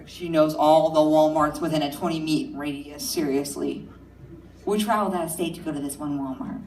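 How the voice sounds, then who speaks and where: A woman telling a stand-up comedy story in a quick, chatty way, heard from far off in an echoey room. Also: sits low, fairly even intonation, darkish tone, a little hiss or hum.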